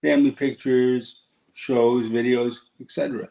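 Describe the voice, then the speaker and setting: A man's voice: medium pitch, little pitch movement, measured pace, vocal fry, warm tone, poor audio. A man with a New York accent co-hosting a podcast, musing in casual chat. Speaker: podcast co-host.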